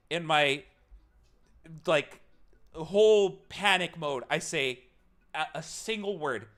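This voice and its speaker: Speaking slowly with long pauses, a young streamer with a fairly high voice and lively intonation tells his live chat a story. He swears casually throughout and bursts into loud, mock panic.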